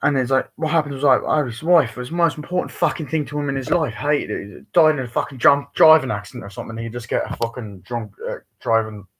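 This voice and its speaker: A man's voice: medium pitch, fast talker, few pauses, a bit bright, slightly rough, poor audio. A man giving a casual, rambling movie review, swearing a lot and acting out lines of dialogue as he goes. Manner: rambling, profane, acts out quoted dialogue.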